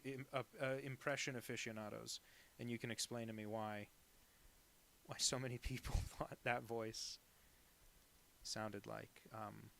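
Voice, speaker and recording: A man's voice: mid-range voice, gravelly, a bit bright. A man chatting casually on a live stream while drawing, rambling and self-deprecating with lots of asides. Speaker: cartoonist streaming a drawing session.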